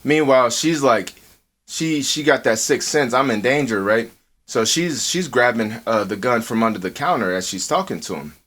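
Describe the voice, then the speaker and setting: A man co-hosting a podcast, telling a story in casual, profanity-heavy talk, acting out quotes in a high voice. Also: moderate pace. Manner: swears a lot, animated, acts out quotes in a high voice. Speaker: podcast co-host. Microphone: earphones with mic.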